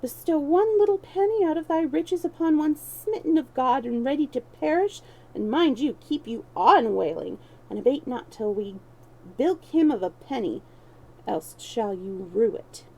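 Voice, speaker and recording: A woman's voice: high-pitched, expressive, normal speed, warm tone, voice pushed up, poor audio. Hugo, a woman doing a crafty young beggar. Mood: scheming. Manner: scheming, mocking archaic speech. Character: young male street beggar and thief, crafty.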